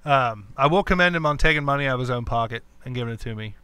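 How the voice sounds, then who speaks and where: A man's voice: medium pitch, animated, fast talker, pushed and bright, clean tone, no echo. A young adult man co-hosting a podcast, telling a profane story with lots of acted-out quotes. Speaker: podcast co-host. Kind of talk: casual chat.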